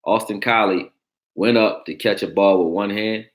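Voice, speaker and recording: Deep-voiced blunt sports talk host. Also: male voice, normal speed. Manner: blunt, profane, joking, reacting to chat. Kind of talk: casual sports talk livestream.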